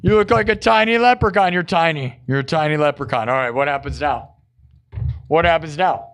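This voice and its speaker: A man's voice: fairly high pitch, a little fast, gravelly, a bit bright. An exhausted man hosting a live stream, chatting casually and rambling while he improvises a story. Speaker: live-stream host and musician.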